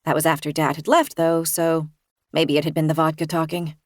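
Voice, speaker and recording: A woman reading a first-person thriller as an audiobook narrator, in a measured, even storytelling manner. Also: deep voice, dry recording, studio quality.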